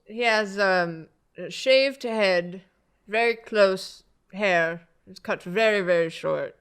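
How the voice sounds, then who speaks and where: A woman's voice: medium pitch, slow, a bit bright, clean tone. A woman in casual chat describing a man's face in detail, hesitant and stopping often to find words.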